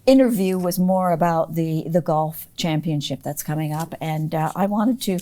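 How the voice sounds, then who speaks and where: A woman's voice: low-pitched, normal speed, dark tone. A woman with a Canadian accent hosting a local community TV interview, friendly and hesitant, with many fillers. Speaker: host.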